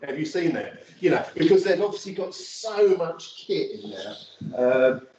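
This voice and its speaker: A man's voice: a little high, big pitch swings, measured pace, darkish tone. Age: adult. Sex: man. Role: photography lecturer. Style: casual, rambling studio demonstration. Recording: distant, roomy, slightly dull audio with faint hiss. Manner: chatty and rambling, many fillers. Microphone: phone camera from across the room.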